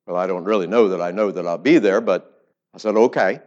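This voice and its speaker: A man with a low voice delivers a sermon as a former pastor. He tells stories, dropping quiet and then rising loud for emphasis. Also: fairly quick, muffled recording. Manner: storytelling with swings in loudness.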